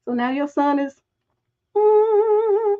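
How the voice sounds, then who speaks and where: A middle-aged woman hosting a relationship advice livestream, telling stories in a blunt, profane, animated way. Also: high-pitched, a little fast, narrow, tinny audio.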